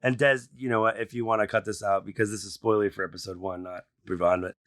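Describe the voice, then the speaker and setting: A man co-hosting a casual podcast chat, excitable and swearing freely as he reacts to a TV episode. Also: on the low side, fast talker, no echo, clean studio sound. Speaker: podcast co-host.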